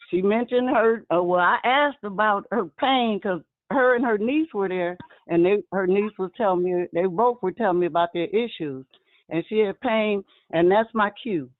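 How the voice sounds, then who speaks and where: A woman excitedly telling stories about her vending, speaking in a casual chat and addressing listeners as y'all. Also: mid-range voice, no room sound. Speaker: guest vendor sharing her experience. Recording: tinny phone line.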